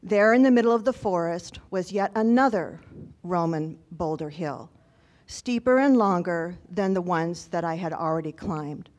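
A woman telling a personal story to an audience in an earnest, reflective, conversational way. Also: mid-range voice.

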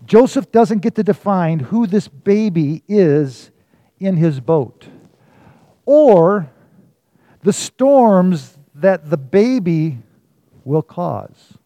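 Pastor with a mellow, slightly high voice. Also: male voice, expressive, drawn-out words, no echo. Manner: storytelling with dramatic swings from loud to hushed. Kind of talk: sermon.

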